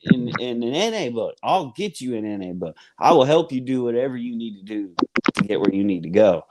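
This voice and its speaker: A man with a Southern US accent casually tells his recovery story as a guest, rambling with lots of fillers and saying "man" and "y'all." His mid-range voice is animated and a little fast, with background noise.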